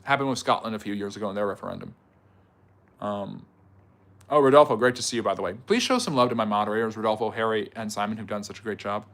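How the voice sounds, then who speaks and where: This history lecturer on a livestream has a fairly low, fairly bright voice. He responds to chat in a conversational manner, dropping fillers and quickly rebutting points.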